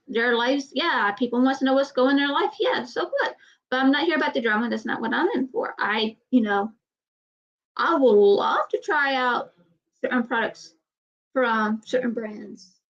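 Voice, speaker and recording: High-pitched woman with a bit of a southern accent, rambling and blunt, muffled lo-fi audio. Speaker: vlogger. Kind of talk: casual chat.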